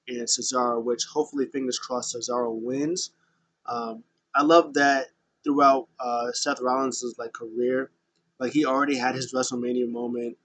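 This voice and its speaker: A man's voice: medium pitch, a bit bright. Rambling man recapping casually. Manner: loose and rambling, many fillers, acts out quotes. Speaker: podcast host.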